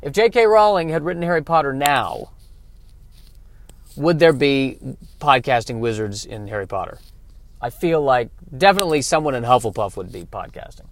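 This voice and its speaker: A man's voice: mid-range voice, lively intonation, moderate pace. A man hosting a casual comedic solo podcast, rambling in a self-deprecating way and often restarting his sentences. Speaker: podcast host.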